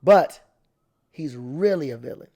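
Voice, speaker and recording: An animated man from Los Angeles chatting as a podcast guest, with a voice set a little higher than most men's. He talks with enthusiasm and leans heavily on slang. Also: unhurried. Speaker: guest actor. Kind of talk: casual podcast chat.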